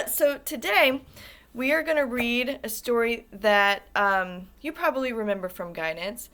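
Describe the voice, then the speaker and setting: An elementary school guidance teacher reads a picture book aloud to young children, her voice pitched on the high side and full of expression at a measured pace. She's warm and encouraging, stopping to ask the kids questions.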